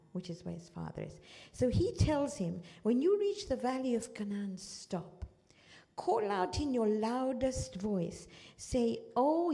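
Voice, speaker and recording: A woman teaching a class on scripture, telling the story with acted-out quotes and often checking in with her listeners. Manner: storytelling, acts out quotes with lively pitch jumps. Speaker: Quran teacher. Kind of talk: religious class talk. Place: community centre hall.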